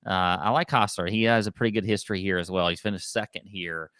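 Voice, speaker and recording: Low, bright-toned man reading stats. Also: no echo, clean studio sound. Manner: quick, stat-heavy, upbeat. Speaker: co-host of a golf betting podcast. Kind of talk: casual chat.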